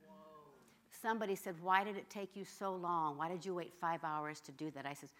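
Bright, forceful woman preacher. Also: fairly low pitch, fairly quick. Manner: animated, swings from loud to hushed whispers. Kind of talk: sermon storytelling.

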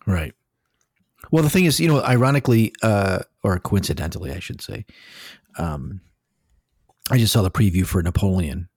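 A man's voice: deep voice, expressive, normal speed, long pauses, darkish tone, husky, dry recording, clean studio sound. A man co-hosting a casual podcast, rambling and hesitant with many fillers. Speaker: podcast co-host. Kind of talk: casual chat.

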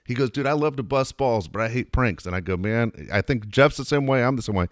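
A man hosting a talk show, telling a profane, self-mocking story in a lively, animated way. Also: medium pitch, a little fast, no echo, clean studio sound. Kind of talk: casual anecdote storytelling.

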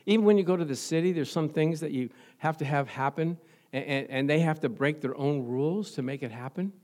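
A man preaching a sermon as pastor, chatty and questioning, shifting from soft asides to loud fervent emphasis with frequent laughter. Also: a little high, brisk. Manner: conversational, quizzes the congregation, laughs often.

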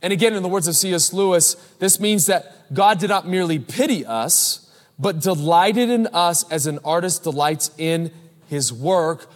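A man in his thirties preaching a sermon as pastor, animated, telling stories and calling out to the congregation. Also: on the high side. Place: large church. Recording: live church hall with long reverb.

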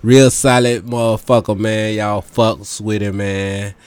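A man's voice: lowish voice, level tone, measured pace, a little mellow, clear, resonant tone. A man in casual podcast chat, joking and cutting in playfully.

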